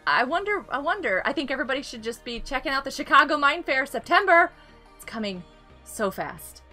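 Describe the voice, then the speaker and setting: A woman's voice: high-pitched, big pitch swings, brisk, bright, forceful tone, faint music behind. Bubbly giggling woman streamer. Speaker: game live streamer. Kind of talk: casual live-stream chat with viewers.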